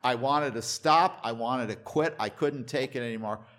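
An older man preaching a sermon as pastor in a church, emphatic and repetitive, swinging between loud stresses and hushed asides. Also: mid-range voice, normal speed.

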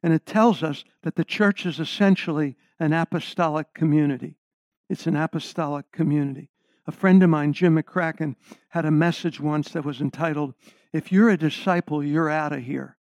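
A man's voice: a little high, moderate pace, darkish tone, dry recording. A middle-aged man preaching a sermon, stressing key words and putting questions to the congregation. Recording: slightly dull lo-fi sound.

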